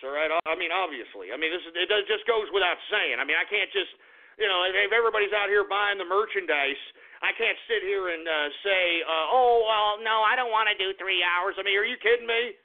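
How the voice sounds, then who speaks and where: A boisterous male radio host with a very high, gravelly voice who whoops, laughs and swears. He comes through a tinny, phone-like line with faint music underneath. It sounds like a rowdy call-in show.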